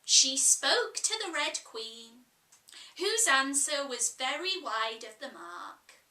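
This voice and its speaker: A woman reading a classic children's story aloud in a measured, expressive way. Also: sits high, far from the mic. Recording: echoey room, voice off-mic.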